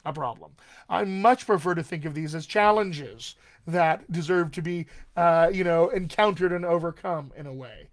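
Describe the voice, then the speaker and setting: A man coaching actors on accents during a live stream question session. His voice sits a bit above the usual male pitch, and he talks in an encouraging, unscripted way. He leans on frequent fillers between his points. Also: moderate pace. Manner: encouraging and conversational, many fillers. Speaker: dialect coach. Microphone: webcam or desk mic on a live stream.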